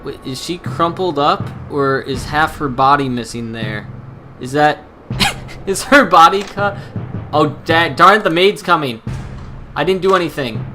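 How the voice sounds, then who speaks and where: A young man commenting on a video game as he plays, excitable, nervous and self-deprecating. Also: a little high, unhurried, soft background music. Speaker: gameplay commentator. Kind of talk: let's-play commentary.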